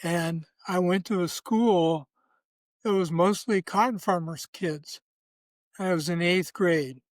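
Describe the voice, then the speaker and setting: A man in his seventies, a guest telling relaxed personal anecdotes in a measured way. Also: high voice, dry recording. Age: 70s. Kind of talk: casual storytelling.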